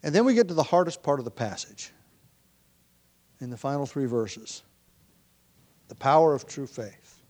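A man teaching a Bible passage in an easy, conversational sermon. He talks his way through ideas with ums, restarts and the odd throat clearing, in a voice of middling pitch. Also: sing-song, normal speed, pauses often, a little mellow. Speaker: preacher.

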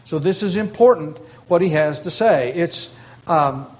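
Man preaching a sermon, slightly high voice. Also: a little mellow, poor audio. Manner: measured teaching with emphatic rises and frequent fillers. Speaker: pastor. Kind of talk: expository sermon.

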